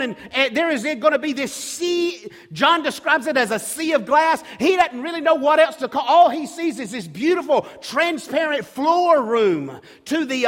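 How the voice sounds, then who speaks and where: A man preaching a sermon with emphatic rhetorical questions, sometimes dropping to a hush. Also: very high voice, in a large hall. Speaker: pastor.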